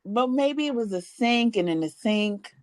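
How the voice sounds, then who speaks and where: A woman's voice: fairly high pitch, expressive, measured pace, darkish tone. A woman co-hosting a podcast, recapping a reality show in casual chat with sassy, laughing commentary. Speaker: podcast co-host.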